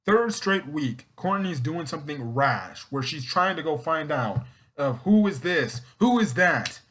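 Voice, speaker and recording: A man's voice: a little high, expressive, unhurried, fairly bright tone. A man casually recapping and reviewing a TV episode, rambling and correcting himself as he goes, often acting out the characters' lines.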